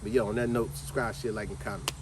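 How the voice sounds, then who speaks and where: A man, hosting a casual vlog and telling a family story in a lively way. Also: lowish voice, fast talker, a little hiss or hum. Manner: lively, animated, laughs while telling. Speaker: vlog host.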